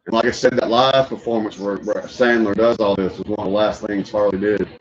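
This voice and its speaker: A man hosting a reaction stream, chatting casually and telling animated stories with frequent laughter. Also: fairly low pitch, fairly quick. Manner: animated storyteller who laughs often and slips into impressions. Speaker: stream host reacting to videos. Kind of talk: casual chat. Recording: muffled lo-fi audio.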